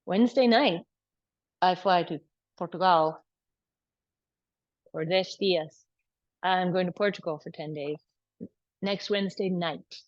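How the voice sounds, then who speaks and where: A woman yoga teacher gently guiding a class and chatting with students on a video call. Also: on the low side, moderate pace, long pauses, dry recording. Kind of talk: yoga class instruction and chat. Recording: dull video call audio.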